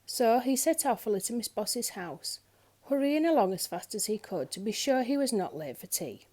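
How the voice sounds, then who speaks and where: Woman, storyteller, children's picture book read-aloud, expressive, mellow tone, lively melody. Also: fairly high pitch, normal speed. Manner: expressive, lilting.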